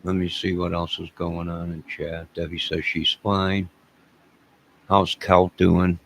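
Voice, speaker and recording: Gravelly low-voiced older man. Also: little pitch movement, takes it slowly, slight background noise. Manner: rambling, joking, talks to chat viewers by name. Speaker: livestream host reading chat. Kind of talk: casual livestream chat.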